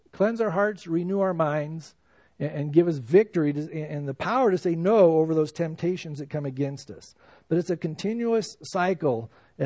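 Male pastor, high and lively voice, conversational Bible teaching, dry close sound. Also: no room sound. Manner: animated, conversational preaching with emphatic rises. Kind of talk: expository Bible sermon.

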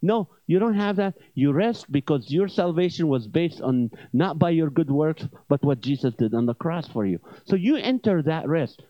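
A man's voice: a little high, animated, moderate pace, hardly any pauses, no echo, dull audio. A male preacher telling jokes and stories, then teaching earnestly with small restarts. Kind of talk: comedic sermon.

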